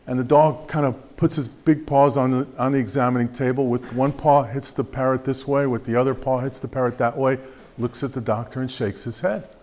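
Guy telling a joke to a crowd, chatty, lots of uhs, middle pitch voice. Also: level tone, a little mellow. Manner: conversational, halting with fillers, acts out the characters. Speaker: speaker addressing an audience. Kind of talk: storytelling a joke.

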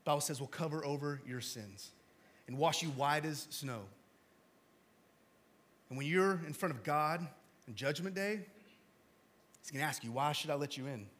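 A man preaching a sermon to a congregation, talking conversationally with small jokes and asides, then dropping to hushed, low emphasis before rising again. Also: normal speed, long pauses. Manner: swings from loud emphatic to hushed low delivery. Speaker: pastor. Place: church hall with congregation.

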